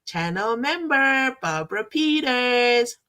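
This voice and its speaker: A young South African woman with a South African accent hosting a casual live-stream from her desk, reading viewer comments aloud and reacting in an animated way. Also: a little high, slow, clean tone. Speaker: commentary channel host. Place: at a desk at home.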